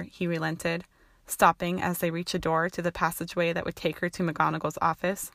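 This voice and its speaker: A woman narrating a fan-fiction audiobook with an even, steady reading. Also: lowish voice, fairly quick, no room sound, clean studio sound.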